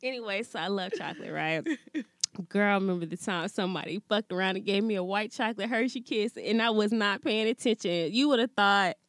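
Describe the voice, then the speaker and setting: A woman co-hosting a casual chat, telling stories animatedly and often breaking into high laughter. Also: brisk, fairly bright tone.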